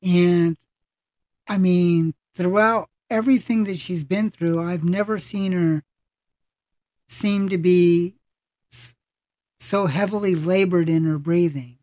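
Dry-voiced podcast host, halting speech. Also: mid-range voice, fairly even intonation, darkish tone, no room sound. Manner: halting, many fillers and restarts. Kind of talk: casual conversational chat.

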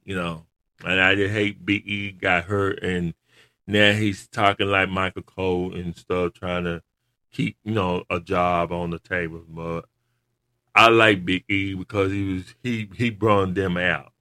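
A man chatting casually, an animated storyteller who laughs often. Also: fairly low pitch, unhurried. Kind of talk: casual chat about wrestling.

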